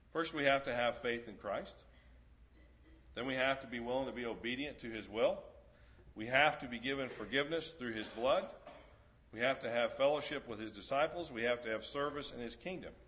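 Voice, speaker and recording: A man preaching a sermon in a church, reading scripture aloud and building to earnest, emphatic appeals to the congregation. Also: medium pitch. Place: church sanctuary.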